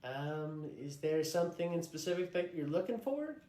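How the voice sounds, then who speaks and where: A man playing a patient young female store clerk who speaks softly and politely. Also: a little high, very animated, moderate pace, roomy sound, pitched above the performer's own voice. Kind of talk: comedy skit.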